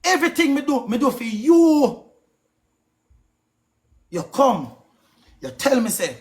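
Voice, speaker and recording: A man's voice: very high voice, sing-song, measured pace, pauses often. A man with a Jamaican accent on a live stream, ranting hard, swearing often and repeating himself for emphasis. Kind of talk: heated live-stream rant.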